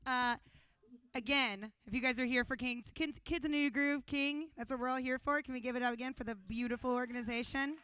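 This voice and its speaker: Bright, crisp-voiced bubbly woman emcee. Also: high voice, steady tone, a little fast, dry recording. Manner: bubbly, rambling, self-deprecating jokes. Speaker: emcee of a benefit show. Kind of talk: live stage emceeing. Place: small stage at a brewery event. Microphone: handheld microphone.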